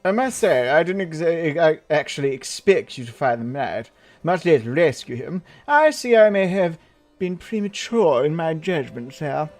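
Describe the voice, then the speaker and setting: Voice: medium pitch, sing-song, normal speed, a little mellow, faint music behind. A game player voicing a haughty, proud elder nobleman with a put-on pompous British accent. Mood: condescending. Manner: pompous, stiff formal.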